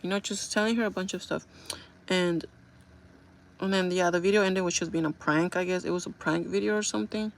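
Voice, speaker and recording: A woman's voice: fairly low pitch, fairly even intonation, fairly quick, gravelly. A young adult woman vlogging in a casual chat, rambling through a story with lots of "like" and fillers.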